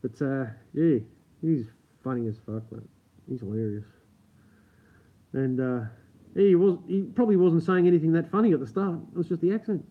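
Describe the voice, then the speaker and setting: A man's voice: on the high side, normal speed, pauses often. Australian man on a tinny live stream. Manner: chatty, swears freely, laughs often; keeps his voice down. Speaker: livestream host. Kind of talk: casual live-stream chat with viewers. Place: home at night. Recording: tinny phone-like sound.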